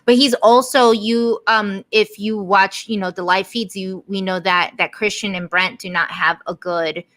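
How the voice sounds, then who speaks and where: Bright, chatty woman co-host. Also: mid-range voice, fairly even intonation, a little slow. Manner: chatty, laughs often. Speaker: podcast co-host. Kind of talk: casual chat.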